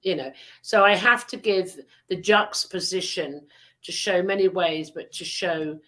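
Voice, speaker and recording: A woman's voice: on the low side, unhurried, fairly bright tone. A woman hosting a podcast, chatting and telling a story in a rambling, teasing way with many fillers. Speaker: podcast host. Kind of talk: casual chat and storytelling.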